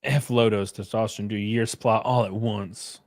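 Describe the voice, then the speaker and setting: A young man casually chatting on a livestream while reading chat. He is loose and profane, uses lots of fillers and suddenly jumps way up in pitch for jokes. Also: fairly quick. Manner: animated, pitch jumps up sharply on bits.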